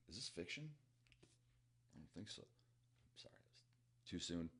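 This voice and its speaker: A man's voice: low-pitched, lively intonation, a little slow, pauses often, fairly bright tone. A man with a Midwestern accent who reads a novel aloud and reacts to it in a chatty, enthusiastic way. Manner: chatty, enthusiastic, self-interrupting. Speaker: book reaction host.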